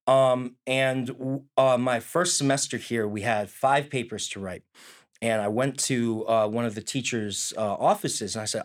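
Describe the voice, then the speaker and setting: A man's voice: medium pitch, steady tone, unhurried. A young man, a student, giving an earnest personal testimony in a conversation. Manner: earnest, storytelling with quoted prayers.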